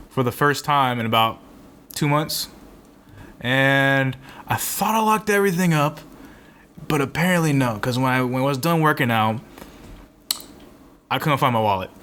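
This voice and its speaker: A man's voice: medium pitch, fairly bright tone, a little hiss or hum. A young man in his twenties, co-hosting a podcast and telling a rambling, swear-filled story in casual chat. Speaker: podcast co-host.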